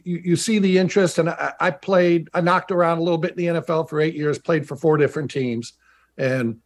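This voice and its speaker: A middle-aged man, a former pro football player turned broadcaster, telling stories in a remote interview with chatty restarts and emphatic repetition. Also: on the high side. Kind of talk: remote interview, anecdotal storytelling. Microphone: video call.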